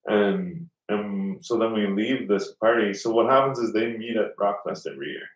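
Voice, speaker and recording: Guy telling a story among friends, loose and profane, low voice, distant roomy mic. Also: normal speed. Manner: rambling, swears often, acts out other people's lines in a raised voice. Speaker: storyteller in casual chat. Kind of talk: casual chat.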